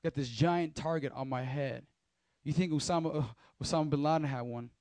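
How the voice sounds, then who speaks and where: A man's voice: a little high, fairly quick, a little mellow, no echo. A man speaking as a youth pastor, giving a casual, slangy sermon and talking straight to the crowd.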